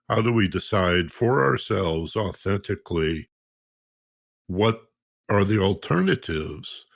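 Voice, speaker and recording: A man's voice: low-pitched, no echo, studio quality. A male podcast host asking thoughtful, probing questions in a musing way. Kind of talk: reflective interview talk.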